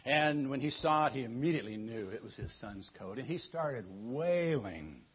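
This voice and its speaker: A man's voice: medium pitch, expressive, normal speed, slightly rough. A man casually retelling a Bible story in a folksy way, stumbling over his words and adding joking asides. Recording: muffled lo-fi recording.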